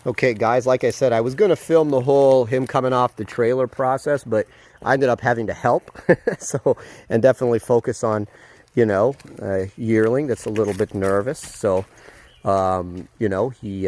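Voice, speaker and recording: A man vlogging casually outdoors at a horse paddock, excited and chatty, with lots of fillers, filmed on a handheld phone. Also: mid-range voice, normal speed. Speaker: vlogger, dog trainer. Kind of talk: casual vlog to camera.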